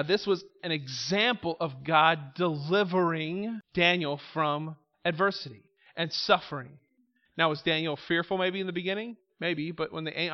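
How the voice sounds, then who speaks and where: Pastor, male, high voice, expository sermon with quiet asides and forceful peaks; dull lo-fi recording. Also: in a large hall. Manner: reads scripture then comments, swings from soft asides to loud emphatic calls.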